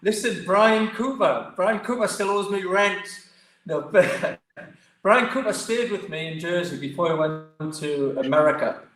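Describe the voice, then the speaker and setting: A man's voice: high-pitched, unhurried. Chatty Geordie man in echoey room. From Newcastle, England. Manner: lively, chatty storyteller. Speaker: martial arts guest. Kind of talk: casual storytelling interview.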